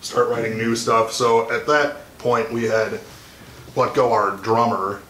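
Young guy in a band telling a wild story, mid-pitched voice, laughs along, echoey room. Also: slow. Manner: animated anecdote-telling, chuckling. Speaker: guest, band musician. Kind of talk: casual storytelling in an interview. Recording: echoey room, faint noise.

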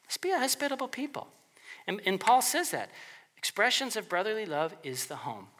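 A male pastor delivering a relaxed, conversational sermon, his voice bright and forceful. His pitch swings widely as he talks, and he slips into quick character voices for the people he quotes.

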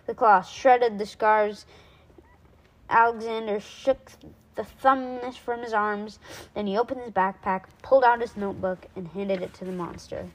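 A woman reading a children's storybook aloud, lively and with small slips she corrects. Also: mid-range voice, a little slow, a little hiss or hum, rough recording.

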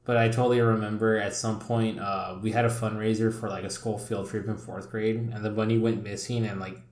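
A man's voice: on the low side, level tone, fairly quick, darkish tone. Young man, loose and profane. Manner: loose, profane storytelling with lots of fillers. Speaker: podcast host. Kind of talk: casual chat. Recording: roomy echoey room.

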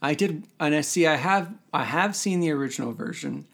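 Gravelly-voiced man, chatty podcast co-host. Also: a little high, lively intonation, a little fast, fairly bright tone. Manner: chatty, rambling with restarts. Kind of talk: casual chat.

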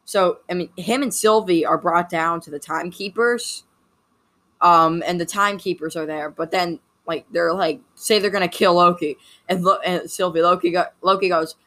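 Rambling woman with a low-set voice. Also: normal speed, fairly bright tone. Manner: rambling, full of "like" and self-corrections. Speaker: video host recapping a series. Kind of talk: casual rambling recap.

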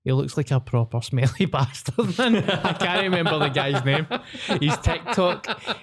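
A man's voice: fairly high pitch, lively intonation, a little slow. Rambling, sweary Glaswegian man. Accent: Glaswegian Scottish. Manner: sweary, rambling, mimics people. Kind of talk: casual podcast chat.

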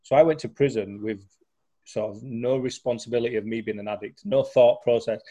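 A man's voice: medium pitch, a little fast, dark tone. A young man, talking casually about his recovery with lots of restarts and fillers. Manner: chatty storyteller, many fillers and restarts. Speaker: guest sharing recovery story. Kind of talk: casual conversation.

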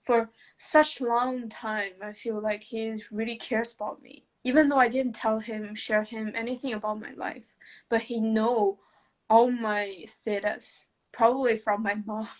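With a fairly high, fairly even voice and a slightly slow delivery, a woman shares a personal story in conversation. Her English has non-native grammar, and she hesitates, restarts a lot and laughs softly.

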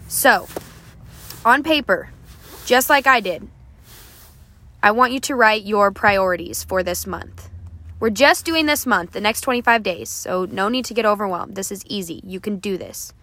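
A woman's voice: mid-range voice, pushed and bright. A woman hosting a motivational podcast, talking straight to her listeners in an encouraging, coaxing way and checking in with "okay?" as she goes. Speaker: podcast host.

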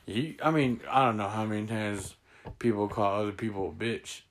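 A man's voice: lowish voice, normal speed. A young man hosting a casual chat with his siblings, rambling through stories and laughing often. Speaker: host.

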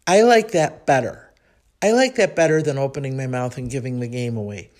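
A woman from Chicago with a Chicago accent, hosting a podcast and telling a personal story in a chatty, reflective way, thinking aloud with frequent pauses. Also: very deep voice, a little mellow. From Chicago, United States. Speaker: podcast host.

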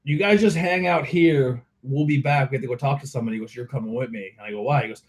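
A young man co-hosting a casual beer podcast, with a mid-pitched voice. He tells drinking stories in a loose, animated way, full of swearing and laughter. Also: fast talker. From eastern Pennsylvania. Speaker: podcast host. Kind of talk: casual storytelling over beers.

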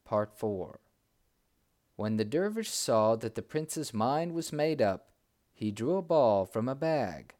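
Brief: male storyteller, slow and deliberate, middle pitch. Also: big pitch swings, darkish tone. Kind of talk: storybook narration.

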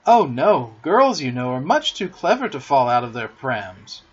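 A man voicing an eager, boastful young boy who never wants to grow up, with lively boyish talk, in a dull lo-fi recording. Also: medium pitch, a little slow, husky.

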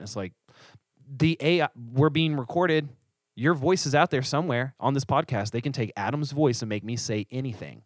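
With a medium-pitched voice at normal speed, a church leader co-hosts a laid-back podcast, recorded in studio quality with no echo. He's an animated storyteller who acts out the quoted voices.

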